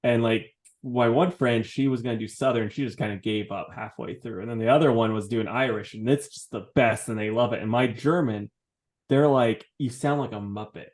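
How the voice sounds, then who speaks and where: A man's voice: medium pitch, fairly even intonation, fairly quick, a little mellow. A man co-hosting a podcast, telling stories animatedly, laughing a lot and swearing casually. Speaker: podcast co-host. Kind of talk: casual chat.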